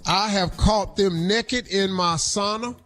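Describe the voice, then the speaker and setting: A man hosting a radio show, riffing in a loud, animated, jokey storytelling way. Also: high voice, slow pace, soft background music. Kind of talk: comedic radio talk.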